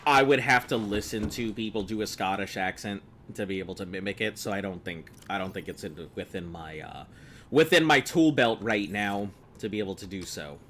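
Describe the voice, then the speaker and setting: An American streamer with a fairly low, somewhat bright voice plays a video game at a moderate pace, giving casual, rambling commentary. He chats with viewers and laughs at his own jokes, with a little background noise present.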